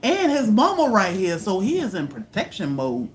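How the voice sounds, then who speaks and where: Animated woman telling a story. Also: normal speed, a little hiss or hum. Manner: animated, acts out quotes with high loud bursts. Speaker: homestead channel host. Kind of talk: casual livestream storytelling.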